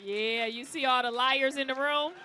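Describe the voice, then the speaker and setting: A woman in her thirties performs stand-up on a club stage, brash and teasing the crowd. Her voice sits high and sounds bright and sharp. A live audience murmurs faintly behind her, with a little low noise. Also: steady tone, normal speed. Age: 30s. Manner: brash, teasing the crowd, loud acted-out bits. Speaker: stand-up comedian. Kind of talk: stand-up comedy set. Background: audience laughter.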